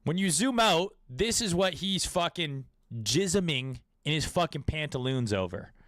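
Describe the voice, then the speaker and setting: A man's voice: fairly high pitch, lively intonation, unhurried, a bit bright, no echo, studio quality. A man in his late twenties or thirties giving casual, crude and profane crypto market commentary, riffing off the cuff.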